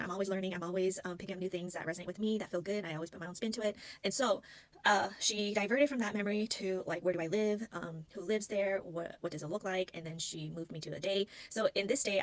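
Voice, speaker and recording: A woman who practices spiritual healing tells a personal story to camera, casual and earnest, rambling and often searching for words. Her voice is medium-pitched, and the recording is dry and rough.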